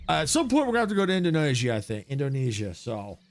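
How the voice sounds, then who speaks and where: A man streaming a video game live, thinking aloud in a casual, excitable way. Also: medium pitch, very fast, faint music behind. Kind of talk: live gameplay commentary.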